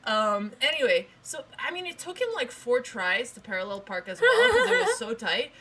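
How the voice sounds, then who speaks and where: A young woman co-hosting a stream, telling a rambling, animated story in casual chat, full of restarts. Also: sits high, normal speed, background noise. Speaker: stream co-host.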